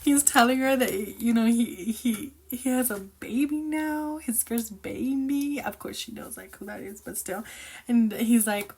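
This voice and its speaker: A woman chatting casually about a novel she is reading, excitable, opinionated and rambling as she reacts. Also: a little high, a little slow, husky. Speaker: book reviewer reacting while reading. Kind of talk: casual book reaction chat.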